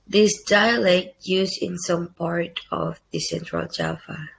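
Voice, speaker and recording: A young woman giving a read class presentation in careful, halting short phrases. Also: on the low side, fairly even intonation, gravelly, low-quality recording. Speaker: student presenter.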